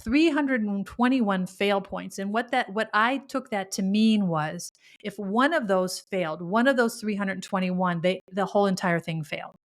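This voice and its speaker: Middle-aged woman, spiritual podcast host, earnest and heartfelt, mid-pitched voice. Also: moderate pace. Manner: earnest and emotional, with frequent restarts. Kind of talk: spiritual monologue.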